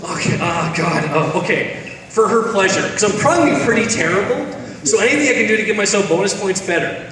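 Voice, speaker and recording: Man, stand-up comic, high voice, storytelling and acting out dialogue, distant, echoey hall. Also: expressive, fairly quick, fairly bright tone, a little hiss or hum. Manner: storytelling, acts out dialogue, breaks into laughter. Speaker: stand-up comedian. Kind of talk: stand-up comedy set. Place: charity event stage, audience hall. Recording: echoey hall taped from far off.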